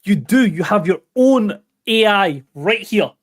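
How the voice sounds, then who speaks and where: A man co-hosting a casual gaming podcast. He walks through news stories in a jokey, upbeat way. His voice sits fairly high and sounds close and dry. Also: lively intonation, measured pace, no echo. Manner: upbeat, jokey story presenter. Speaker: podcast co-host. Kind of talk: casual chat.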